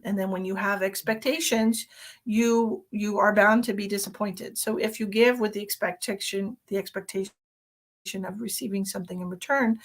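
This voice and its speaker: A woman's voice: medium pitch, fairly bright tone, rough recording. A middle-aged woman hosting a live psychic reading stream, chatting casually with viewers and laughing often. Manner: chatty, laughs often, talks to her pets.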